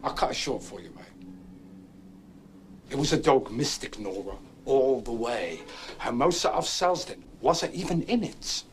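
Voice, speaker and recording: An actor playing a rambling racetrack storyteller. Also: male voice, mid-range voice, animated, unhurried, slight background noise, natural voice. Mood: worked up. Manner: rambling, keeps prodding his listener with "right?". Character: restless, boastful young man spinning a racetrack story. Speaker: actor in a film drama. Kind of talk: stage-play film acting.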